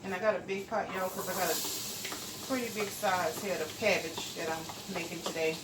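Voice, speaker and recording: A middle-aged woman, chatting homey and relaxed to viewers as she cooks in her kitchen. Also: lowish voice, moderate pace, very noisy. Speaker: cooking channel host. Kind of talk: casual cooking vlog chat. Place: home kitchen.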